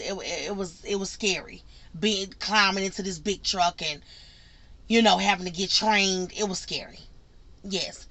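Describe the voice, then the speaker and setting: Bright, chatty woman telling her story. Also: mid-range voice, no echo. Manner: chatty, repeats herself, acts out quotes. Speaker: truck driver vlogger answering questions. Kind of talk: casual Q&A vlog.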